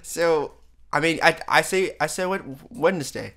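A man's voice: fairly high pitch, fairly even intonation, fairly bright tone, smooth. A man co-hosting a podcast in casual chat, hesitant and full of fillers. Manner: hesitant, fillers, quick apologies. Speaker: podcast co-host.

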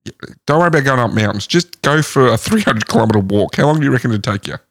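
A man's voice: medium pitch, animated, quick pace. An Australian man co-hosting a podcast, chatting casually and chiming in with playful jokes. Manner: joking, playful interjections. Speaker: podcast co-host.

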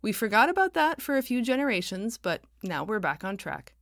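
Read by a woman, a calm male pastor speaks in an earnest, gentle storybook voice. His words are even and soft, recorded close and dry. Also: high voice, a little fast, creaky, dry recording, pitched above the performer's own voice, exaggerated voice. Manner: gentle, mirrors feelings back.

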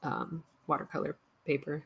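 A woman in casual chat while painting, relaxed and wry, reading out viewer comments. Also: sits low, normal speed, vocal fry, a little hiss or hum. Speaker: co-host.

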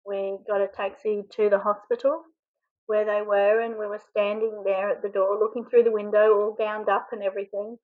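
A woman from Australia recounts a deeply personal story in a flat, even voice, pausing and catching her breath as emotion rises. The recording sounds a little dull and lo-fi. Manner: halting, emotional, often choked up. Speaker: interview guest.

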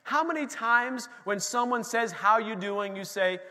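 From a church platform, a pastor with a high, bright voice delivers a sermon a little slowly. He speaks with animation, performs the voices of those he quotes, and calls out to the congregation, while the sanctuary adds a long reverb.

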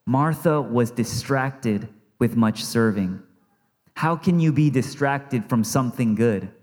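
Brief: male pastor, mid-pitched voice, earnest sermon delivery with repeated phrases, long church reverb. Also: slow pace. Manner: earnest, repeats phrases for emphasis, drops softly for quoted words. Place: church sanctuary.

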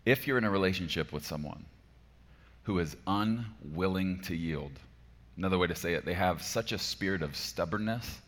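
Male pastor, forties, low voice; emphatic sermon delivery that swings soft to loud, long reverb of a large hall.

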